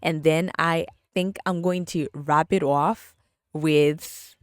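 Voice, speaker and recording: A woman's voice: sits low, fairly even intonation, takes it slowly. A young woman hosting a casual solo podcast, bubbly and chatty, laughing often and repeating words for emphasis. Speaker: podcast host.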